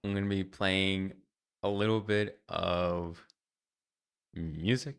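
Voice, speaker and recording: A man's voice: low-pitched, fairly even intonation, slow pace, gravelly, pauses often, smooth. A young adult man streaming live, ranting in an exasperated way with lots of fillers and restarts.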